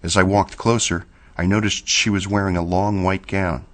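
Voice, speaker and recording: A man reading a horror story aloud in a slow, measured storytelling manner. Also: deep voice, level tone, a bit bright. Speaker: narrator. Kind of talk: scripted horror narration.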